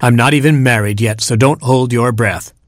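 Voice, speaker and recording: A man voicing a vain, sharp-tongued female sheep who is a film star, speaking in a haughty, drawn-out way. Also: medium pitch, dry recording, studio quality, natural voice. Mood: dismissive. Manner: haughty, dismissive, drawn-out delivery.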